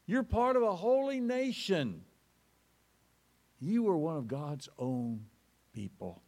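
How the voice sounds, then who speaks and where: A pastor preaches with sweeping rises and drops in his slightly high voice. He tells stories dramatically and leans hard on key phrases. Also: big pitch swings, slow, darkish tone. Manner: dramatic storytelling with sweeping pitch swings. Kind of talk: sermon.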